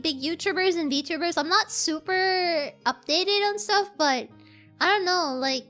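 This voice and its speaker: A young woman VTuber streamer chats casually with her livestream viewers, rambling with lots of fillers and giggles. Her voice is high-pitched, bright and forceful, with faint music in the background.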